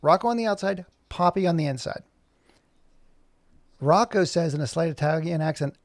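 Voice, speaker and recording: A man with a fairly high, gravelly voice chats on a live stream, rambling and thinking aloud as he clicks through his software. His tone is jokey and self-mocking, and the sound is close and dry. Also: normal speed, pauses often, no room sound. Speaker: animator streaming his work. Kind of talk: casual live-stream chat.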